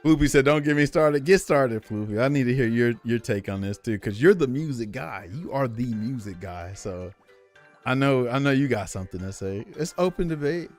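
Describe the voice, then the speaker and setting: A man's voice: medium pitch, moderate pace, faint music behind. Opinionated young man ranting on stream. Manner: animated, opinionated, slangy, talks to chat. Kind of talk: casual live-stream chat.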